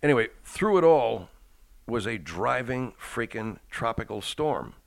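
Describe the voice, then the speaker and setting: A man's voice: medium pitch, big pitch swings, a little slow, creaky. A man hosting a podcast, rambling casually with profane, self-deprecating humor at home. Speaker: podcast host. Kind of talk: casual chat.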